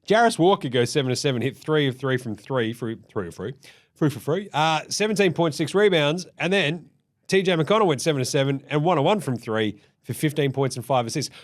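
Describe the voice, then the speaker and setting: A man's voice: on the high side, brisk. A man hosting a casual, sweary sports recap. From Australia. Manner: sweary, blunt, animated. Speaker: host.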